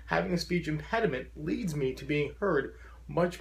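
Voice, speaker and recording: A man with a fairly high voice speaks to a support group with a profound stutter, repeating sounds and getting stuck on words. He keeps pressing on in an earnest, encouraging way. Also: animated, normal speed, vocal fry. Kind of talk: motivational talk to a support group.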